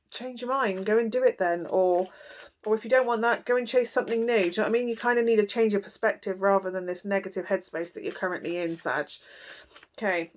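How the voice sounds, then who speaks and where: A woman giving a casual tarot reading, talking bluntly and chattily with lots of fillers. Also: mid-range voice. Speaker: tarot reader.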